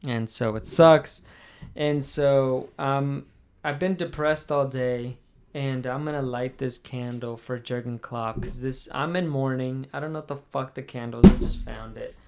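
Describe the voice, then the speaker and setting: A man's voice: medium pitch, steady tone, measured pace, a little mellow. A young man hosting a casual chat, rambling and swearing in mock mourning. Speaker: podcast host.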